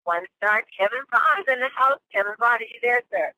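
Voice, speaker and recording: A woman hosting a conference call, briskly and cheerfully calling on speakers. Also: a little high, sharp tone, poor audio. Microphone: phone line.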